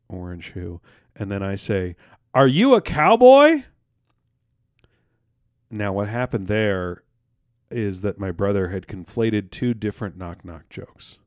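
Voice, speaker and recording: A man with a fairly low voice rambles through a joke on a casual podcast, stumbling over fillers and restarting his sentences. He swears offhandedly as he goes. The sound is close and dry, with no room around it. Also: a little mellow, dry recording. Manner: rambling, halting storyteller with many fillers and restarts. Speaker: podcast co-host. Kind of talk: casual podcast chat, telling jokes.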